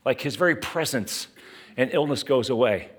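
A male pastor delivers a sermon in an animated, conversational style, turning to his listeners with asides. His voice is medium-pitched, slightly rough, and moderately paced.

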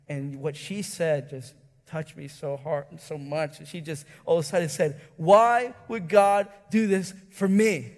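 A man preaching a sermon, telling a story with emotional swings between soft lows and loud highs, often repeating words. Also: in a large hall. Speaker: pastor. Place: church hall.

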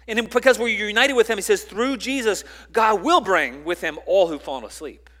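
Male pastor, higher register, preaching with swelling emphasis and hushed drops. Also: a little fast. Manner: emphatic, swings from loud to quiet; repeats words and restarts phrases. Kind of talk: sermon.

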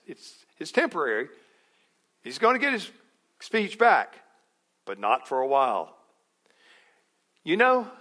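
Lively bright-voiced male preacher. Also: mid-range voice. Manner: animated, acts out quotes, chuckles. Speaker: pastor. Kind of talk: sermon.

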